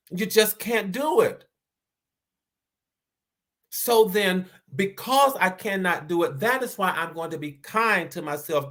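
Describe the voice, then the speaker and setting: A man's voice: high-pitched, fairly bright tone. A man from the American South with a Southern accent, hosting a motivational live-stream talk, earnest and repeating his key phrases. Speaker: host.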